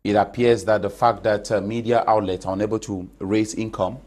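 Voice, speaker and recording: A man from Cameroon hosting a TV panel discussion, asking questions in a measured way with frequent fillers. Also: lowish voice, level tone, a little mellow. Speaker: talk show host.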